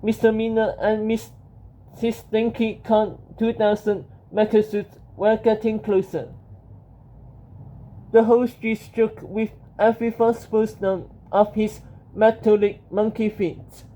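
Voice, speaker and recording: Slow mellow reader for a storybook, steady delivery, lo-fi sound. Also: medium pitch. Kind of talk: storybook narration.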